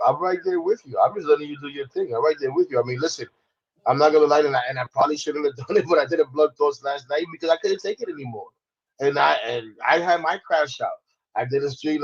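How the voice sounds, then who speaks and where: A man's voice: on the high side, slightly rough, lo-fi sound. A man co-hosting a sports podcast, chatting in a laid-back, agreeable way. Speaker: podcast co-host. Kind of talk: casual sports chat.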